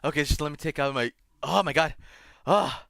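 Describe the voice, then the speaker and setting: A man chatting as a guest on a stream, excitable, laughing loudly and talking with many fillers. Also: on the high side, brisk, creaky, background noise. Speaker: guest Vtuber. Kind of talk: casual collab stream chat.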